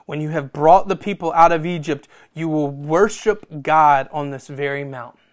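A man preaching a sermon, animated and self-deprecating, acting out conversations between God and Moses. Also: a little high, normal speed. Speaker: pastor.

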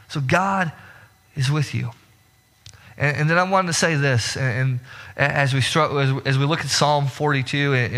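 A man's voice: mid-range voice, a bit bright. A man preaching a sermon in an earnest way, often repeating words and restarting his sentences. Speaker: pastor. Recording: long hall reverb.

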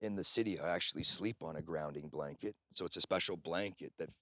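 A man's voice: low-pitched, brisk, sharp tone, no room sound. A man, host of an off-grid cabin, telling long rambling stories in casual conversation and swearing now and then.

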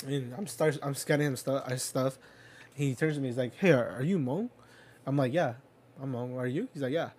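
A young man with a medium-pitched, slightly mellow, husky voice talks at a moderate pace. Chatting casually, he drifts through a long story full of fillers and swearing, chuckling now and then.

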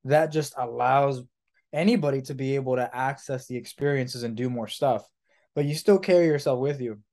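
A man's voice: mid-range voice, normal speed, darkish tone. A man co-hosting a casual podcast who rambles, swears freely and slips into mocking impressions of his own inner voice. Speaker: podcast co-host.

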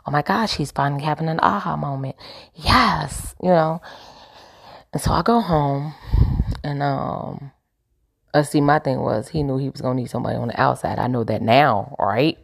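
A woman's voice: sits low, moderate pace, gravelly, husky. A woman telling a personal story candidly, emphatic and repeating her points with preachy asides.

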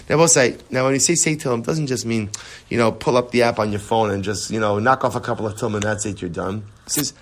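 A man teaching a Torah class, animated and rhetorical, often checking in with the listeners. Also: mid-range voice, quick pace.

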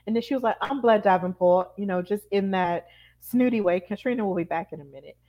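Casual co-host: woman, chatty recap voice, animated storytelling, mid-range pitch. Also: fast talker, dull audio. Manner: chatty, animated retelling with acted-out quotes. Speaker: podcast co-host. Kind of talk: casual wrestling recap chat.

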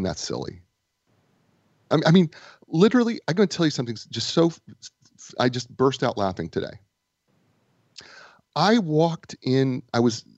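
A man co-hosting a casual talk show and author of a book, telling stories with animated repetition and false starts. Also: mid-range voice, creaky, dry recording, dull audio. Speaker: podcast co-host and author. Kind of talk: casual chat.

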